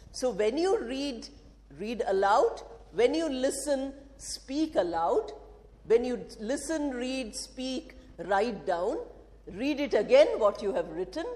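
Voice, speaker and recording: A woman's voice: on the high side, a little mellow. A woman with an Indian English accent, giving an emphatic English lesson to a class and asking rhetorical questions. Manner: emphatic, repeats and drills phrases, asks rhetorical questions. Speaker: English teacher. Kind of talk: classroom lecture. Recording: echoey hall with long reverb.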